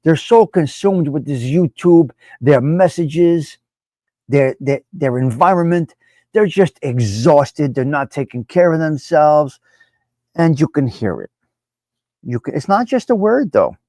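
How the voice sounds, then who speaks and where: A man hosting a casual live stream, talking bluntly and profanely as he reads out viewer comments. His voice sits a little high. It is recorded close and dry, with no room echo. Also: expressive, a little slow, dark tone.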